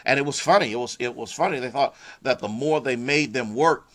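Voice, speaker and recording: A man's voice: mid-range voice, brisk, a bit bright. A man preaching a live-streamed sermon with an American accent, greeting viewers by name as he goes, fervent and personal, with many restarts and repeated words. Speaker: pastor.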